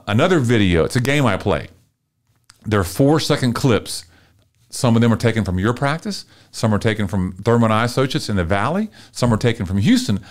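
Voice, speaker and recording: A middle-aged man from Texas, a marketing consultant guest telling an animated, emotional story and acting out dialogue in a podcast interview. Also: medium pitch. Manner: lively, emotional storyteller, often acts out dialogue.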